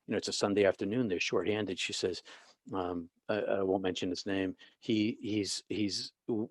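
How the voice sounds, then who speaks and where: Low-voiced man telling stories in a dry room. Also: no echo. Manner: halting with many restarts, drops to a soft whisper when quoting. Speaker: podcast guest, former pastor. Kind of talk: storytelling interview.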